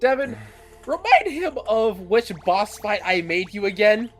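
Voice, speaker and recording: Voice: medium pitch, very animated, faint music behind. A player in casual gaming banter who teases friends and laughs easily. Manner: teasing, quick to laugh.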